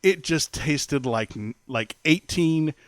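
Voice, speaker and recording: A man's voice: a little high, expressive, slow, dry recording. A man co-hosting a podcast, telling a funny story in casual chat and laughing often. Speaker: podcast co-host.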